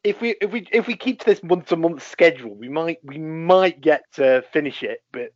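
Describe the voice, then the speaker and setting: A man's voice: fairly high pitch, animated, normal speed, darkish tone, dry recording. A man with a British accent, co-hosting a podcast in an easygoing, casual chat, often repeating words as he starts. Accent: British English. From United Kingdom. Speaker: podcast co-host. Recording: dry, slightly dull lo-fi audio.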